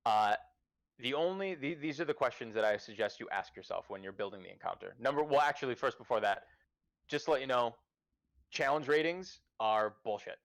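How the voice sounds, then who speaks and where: A man's voice: medium pitch, animated, a little fast, fairly bright tone. A man hosting a casual livestream chat, giving profane, emphatic advice as a game master. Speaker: podcast host and dungeon master.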